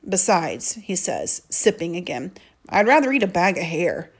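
A woman's voice: lowish voice, very animated, moderate pace, breathy edge, heavily acted. A woman reading aloud, voicing a laid-back teenage boy who jokes with his younger sister, drawing out his phrases. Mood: apologetic. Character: teenage boy, easygoing joking older brother.

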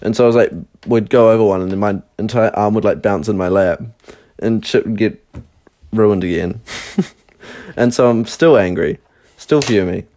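Young guy w a lowish voice rambling thru a story, lots of "like", swears a bunch. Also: normal speed, warm tone. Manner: rambling anecdote full of "like" and swearing. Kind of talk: casual chat.

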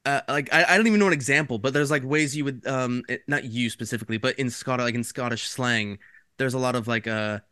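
A man co-hosting a podcast in a smooth, resonant voice. He rambles in an easygoing way and laughs often. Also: mid-range voice, fairly quick, pushed and bright, no room sound, studio quality. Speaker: podcast co-host. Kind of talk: casual podcast chat.

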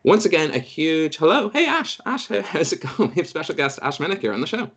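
A man hosting a casual podcast chat, jokey and quick to laugh. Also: on the high side, expressive, breathy edge. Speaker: podcast host.

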